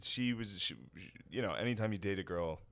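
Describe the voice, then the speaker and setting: A man in his thirties with a fairly low voice, co-hosting a comedy podcast. He makes dry sarcastic quips and laughs at his own jokes. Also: brisk, a bit bright. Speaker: podcast co-host. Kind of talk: casual comedy podcast chat.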